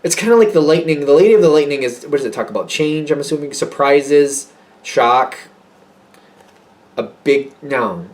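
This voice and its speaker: Guy doing a tarot read, rambly, gets excited, keeps correcting himself. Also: fairly high pitch, normal speed. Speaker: tarot reader. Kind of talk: casual tarot reading.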